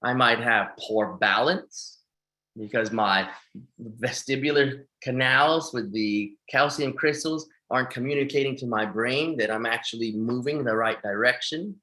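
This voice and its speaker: A man's voice: medium pitch, a little slow. A man teaching in a webinar as a fitness instructor, talking with energy and often checking in with his listeners. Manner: energetic, keeps checking in with "right?" and "okay?". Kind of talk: webinar lecture. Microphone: webinar microphone.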